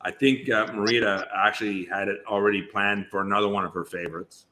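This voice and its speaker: A man with a fairly low voice and fairly even intonation speaks briskly in a bright, forceful tone. He's a guest actor on a podcast, chatting casually in an interview and rambling through long stories full of restarts.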